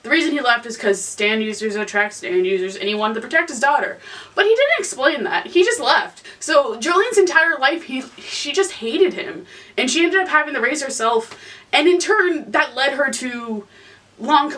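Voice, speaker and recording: Young woman host, exasperated casual rant, high and lively, recorded from a distance. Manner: animated, exasperated, swears freely. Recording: voice from some distance to the mic.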